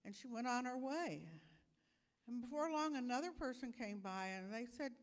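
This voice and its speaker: A woman's voice: fairly high pitch, normal speed. Woman telling a children's church story. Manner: animated storyteller explaining for little kids. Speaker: children's message speaker. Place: church sanctuary. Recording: long church reverb.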